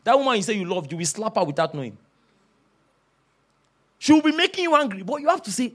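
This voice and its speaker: Lively high-voiced male preacher. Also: quick pace, pauses often. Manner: animated storytelling, shouting and laughing. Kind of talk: sermon.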